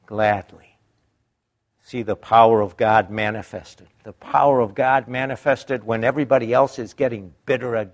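A man preaching a sermon in an emphatic, deliberate way, his pitch rising and dropping dramatically.

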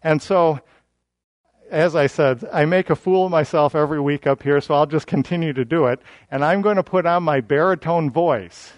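A man's voice: a little high, moderate pace, no room sound. A man teaching a verse-by-verse sermon in a conversational, self-deprecating way, often restarting his sentences as he explains scripture. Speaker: Bible teacher.

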